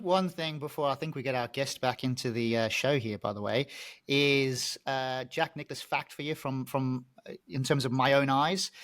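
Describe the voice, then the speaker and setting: A man co-hosting a podcast, giving his opinions in a measured, conversational way. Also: medium pitch, a bit bright. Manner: measured, opinionated, with small restarts. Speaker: podcast co-host. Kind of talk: casual podcast chat.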